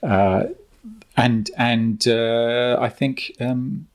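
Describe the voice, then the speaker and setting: A man's voice: medium pitch, steady tone, very slow. A man with a Cockney accent co-hosting a casual podcast, dry and hesitant with frequent ums. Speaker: podcast co-host. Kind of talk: casual chat.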